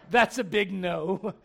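A man in his forties, a pastor preaching a sermon in a church with joking, animated storytelling. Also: high-pitched, vocal fry. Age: 40s.

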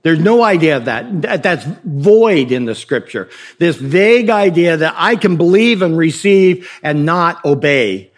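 Male pastor with a slightly high voice, preaching casually with questions and jokes. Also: lively intonation, a little slow, few pauses. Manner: conversational preaching with rhetorical questions and humor. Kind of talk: sermon.

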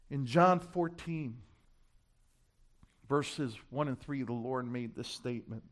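A man preaching a sermon, dropping to hushed asides and swelling to loud, emphatic climaxes, repeating key phrases and stumbling over words as he builds. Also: mid-range voice, normal speed. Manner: stammers and restarts when building to a point.

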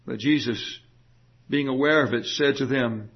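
Guy preaching a sermon, kinda husky voice, earnest, lots of rhetorical questions, muffled lo-fi sound. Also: mid-range voice, a little slow, pauses often. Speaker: pastor.

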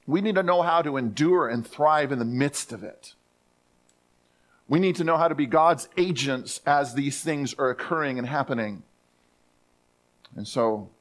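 A male pastor preaching to his church with a somewhat raised pitch. He speaks emphatically, restarts and repeats phrases, and slows down when reading scripture aloud. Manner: reads scripture aloud slowly. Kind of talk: sermon.

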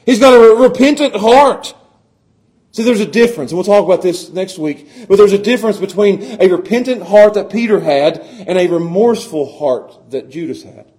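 His voice sits high and sounds animated as this middle-aged pastor preaches at a moderate pace. The sermon alternates between hushed, tender stretches and loud, impassioned ones, with frequent stammering on restarts.

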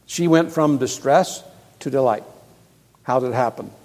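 A male pastor preaching a sermon, moving from hushed, quiet passages to loud, emphatic ones and repeating key words. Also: mid-range voice, normal speed. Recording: long reverb of a large hall.

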